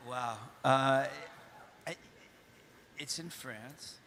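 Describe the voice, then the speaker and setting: A man's voice: mid-range voice, very slow, a bit bright, a little hiss or hum. A man talking casually on a convention panel, stumbling through restarts and sometimes swearing. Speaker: show creator on a panel. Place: convention hall stage. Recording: panel audio with crowd behind.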